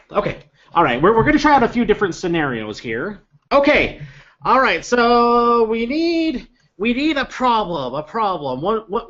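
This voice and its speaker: A man game master leads his tabletop players in a lively, fairly high voice that jumps around a lot. He often stammers and restarts mid-phrase, and the audio sounds dull and low-fi. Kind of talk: running a tabletop game, casual.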